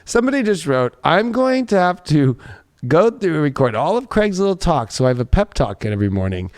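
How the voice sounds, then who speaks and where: A man hosting a tarot reading in a casual, excitable and profane way. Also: a little high, a little fast. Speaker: tarot reader host.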